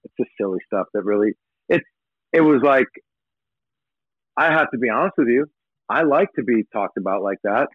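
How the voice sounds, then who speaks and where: Over a tinny phone line with no room sound, a male rocker guest tells rambling, profane stories in a casual interview, voicing other people's quotes as he goes. His mid-range voice is slightly rough and lively in intonation, moving at a normal speed with frequent pauses.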